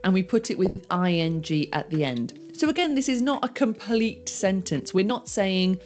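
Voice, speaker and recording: A woman's voice: mid-range voice, lively intonation, moderate pace, a little mellow. Woman teaching English. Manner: clear explanatory teaching, acting out example phrases. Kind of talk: scripted language lesson.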